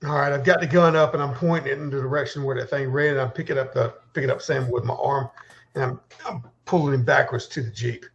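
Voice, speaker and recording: A man plays a tabletop game, eagerly describing what his character does, often stumbling and restarting. His voice is gravelly at a middling pitch. The recording sounds dull and lo-fi. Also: steady tone, fast talker. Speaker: player.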